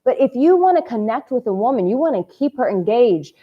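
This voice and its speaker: A woman's voice: fairly high pitch, very animated, brisk. Woman, dating coach, advice vlog to camera, passionate and cheeky, casual swearing, somewhat muffled recording.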